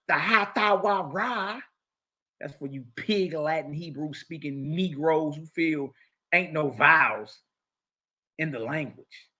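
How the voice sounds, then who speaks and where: A man's voice: a little high, sharp tone. A man teaching scripture in a heated lecture, mocking and confrontational, with slangy asides and repeated key phrases. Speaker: religious teacher.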